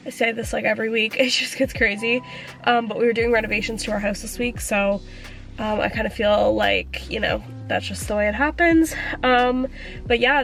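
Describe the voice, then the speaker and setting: High-pitched chatty woman vlogger. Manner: chatty and upbeat, lots of fillers. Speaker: lifestyle vlogger. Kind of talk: casual vlog chat.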